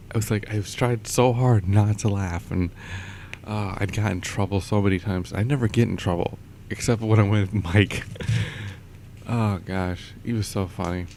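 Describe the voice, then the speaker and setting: Young male vlogger, deep voice, loose chatty storytelling, faint background hiss. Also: a little mellow. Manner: rambling, chuckles often, many fillers. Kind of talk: casual storytelling.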